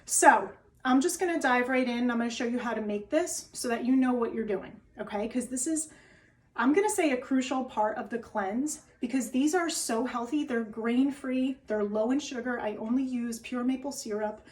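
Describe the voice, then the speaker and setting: This New Jersey woman, a wellness cooking host, runs a casual recipe demo to camera indoors at home, chatting away and checking in with "okay?" again and again. She speaks with a New Jersey accent, higher in pitch and at a moderate pace, though the mic is distant and the recording low-quality.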